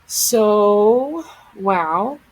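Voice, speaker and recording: A woman's voice: mid-range voice, lively intonation, drawn-out words, poor audio. A woman vlogger giving casual commentary on photos, often exclaiming in amazement.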